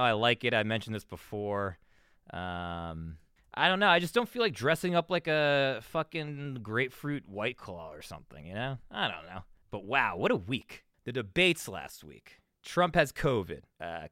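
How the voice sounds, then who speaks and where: A man's voice: medium pitch, fairly bright tone, smooth, no room sound, clean studio sound. Rambling, swearing male podcast host. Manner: rambling, profane, restarts and trails off. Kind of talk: casual solo podcast monologue.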